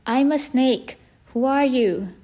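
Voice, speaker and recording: A woman's voice: high-pitched, takes it slowly, darkish tone, voice pushed up. A woman voicing a friendly young male snake who hisses his words, in a storybook. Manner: hissing, friendly.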